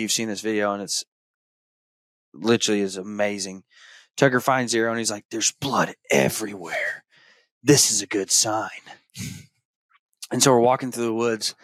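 A man, hosting a podcast and telling a story in a casual way, acting out his young son's excited shouts. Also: fairly low pitch, no echo. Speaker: podcast host.

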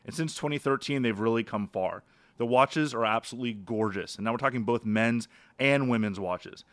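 A man's voice: medium pitch, fairly quick, a bit bright, dry recording. A man hosting a podcast interview and reading a sponsor message in a conversational way. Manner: conversational, brief affirmations. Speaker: podcast host. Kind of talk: interview hosting and read advertisement.

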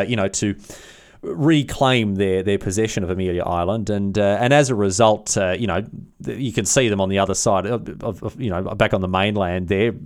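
A man telling a history story in a casual, slangy, irreverent way, with many restarts. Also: on the low side.

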